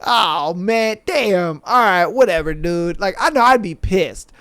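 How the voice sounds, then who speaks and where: A man hosts a podcast with a slow, unhurried pace. He chats casually and reads listener stories aloud. His slang-heavy delivery is recorded dry and close to the mic, with no room sound. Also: high-pitched, expressive, a bit bright, clean tone, no echo. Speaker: podcast host.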